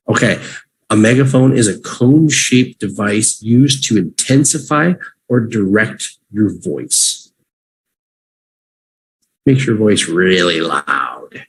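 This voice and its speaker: A man teaching English vocabulary on a livestream, repeating each word slowly for learners to say with him. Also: lowish voice, slight background noise. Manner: slow, drawn-out repetition for learners.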